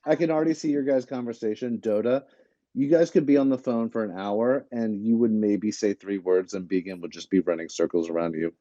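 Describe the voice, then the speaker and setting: A man's voice: lowish voice, fairly even intonation, brisk, warm tone. A man co-hosting a casual podcast, rambling and hesitant, full of fillers and restarts. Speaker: podcast co-host. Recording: dull lo-fi audio.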